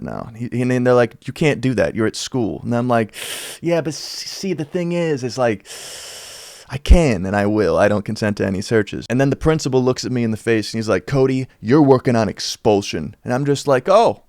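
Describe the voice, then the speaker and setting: A young man casually telling a story from his school days over gameplay, slangy and animated, acting out what people said. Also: dry recording, clean studio sound. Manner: animated, slangy, acts out quotes with shifting pitch. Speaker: YouTuber telling a life story.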